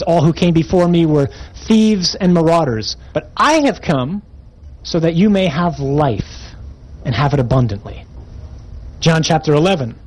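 Man, preacher, sermon, emphatic, slightly raised pitch, husky. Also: darkish tone, poor audio. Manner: emphatic, reads scripture aloud with rising intensity.

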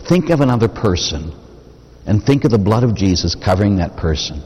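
Man, Catholic priest, sermon, low husky voice, lively swinging delivery, asks the congregation questions. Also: brisk. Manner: conversational preaching with rhetorical questions. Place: church. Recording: long reverb of a church.

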